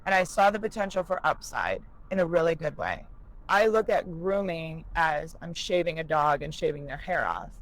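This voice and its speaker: A woman's voice: low voice, lively intonation, moderate pace, rough recording. A woman talking candidly in a vlog, emotional and rambling, about her experiences as a new business owner.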